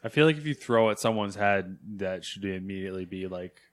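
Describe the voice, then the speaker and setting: A man's voice: low-pitched, lively intonation, brisk. Man chiming in on a podcast chat. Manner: mostly brief listener replies. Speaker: podcast co-host. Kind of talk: casual chat.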